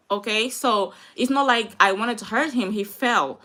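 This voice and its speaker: Bright, fairly high young woman, emotional venting chat, fighting back tears. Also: unhurried. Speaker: vlogger.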